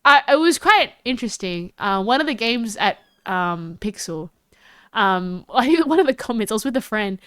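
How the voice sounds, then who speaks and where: Australian woman, streamer, rambling casual chat, giggly, bright high voice, dry sound. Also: lively intonation, moderate pace, clear, resonant tone, dry recording. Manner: rambling and giggly, with big jumps in pitch.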